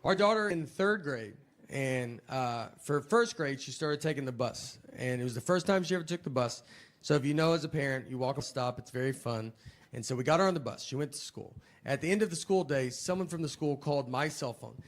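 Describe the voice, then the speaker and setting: Low-key rambling stand-up comedian, man. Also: brisk. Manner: low-key, rambling, self-deprecating delivery. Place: live comedy venue with audience.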